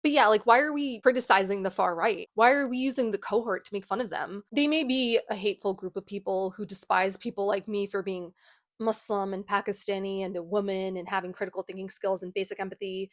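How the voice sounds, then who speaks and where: A young woman vlogging a sarcastic book review, deadpan and prone to breaking into giggles. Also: mid-range voice, fast talker, no echo, studio quality.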